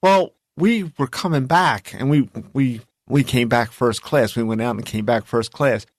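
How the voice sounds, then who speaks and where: A man's voice: medium pitch, measured pace, no room sound, studio quality. A man chatting on a podcast, telling rambling stories, laughing often and swearing freely. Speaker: podcast co-host. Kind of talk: casual chat.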